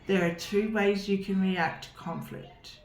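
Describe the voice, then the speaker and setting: A woman's voice: medium pitch, fairly even intonation, measured pace, echoey room. A woman reading tarot cards for her viewers in an upbeat, reassuring way, often checking in with "okay?". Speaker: tarot reader.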